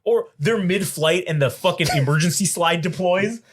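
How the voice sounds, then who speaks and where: A man's voice: sits high, moderate pace, breathy edge. A young man co-hosting a podcast, telling stories in casual chat, profane and often laughing, acting out the people in them. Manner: laughing storyteller, profane, acts out other people's voices. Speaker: podcast co-host.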